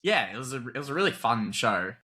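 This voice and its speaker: A young Australian man and actor, chatting casually in an interview, easygoing and quick to laugh. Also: medium pitch, very animated, bright, forceful tone. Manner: laughs often, easygoing, rambles. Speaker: actor, guest.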